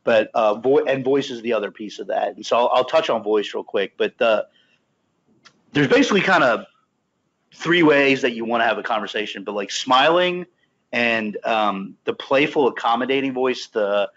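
A man's voice: mid-range voice, expressive, normal speed, a bit bright, highs cut off. A man talking casually on a podcast about a book, rambling with many restarts. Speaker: podcast team member.

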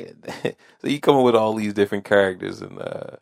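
A man's voice: on the low side, a little fast, gravelly, dry recording, studio quality. A man hosting a podcast, telling a casual story in a rambling way that repeats phrases and restarts often. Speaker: podcast host.

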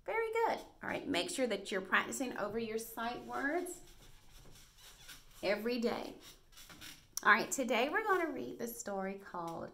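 A woman teaching a first grade reading lesson on video, speaking in a bright, encouraging classroom voice with plenty of praise. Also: fairly high pitch, lively intonation, normal speed, long pauses, a little hiss or hum. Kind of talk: recorded video lesson for young children.

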